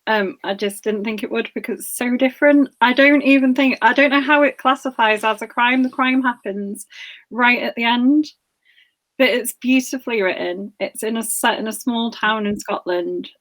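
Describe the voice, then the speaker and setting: Woman, book club co-host; bright enthusiasm, giggles, a touch high-pitched. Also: moderate pace. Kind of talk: casual video chat.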